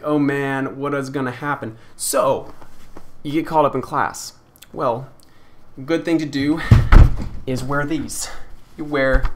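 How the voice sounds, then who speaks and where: A young man casually answering viewer questions in a frank, rambling way, with lots of filler words. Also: medium pitch. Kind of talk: casual Q&A vlog chat.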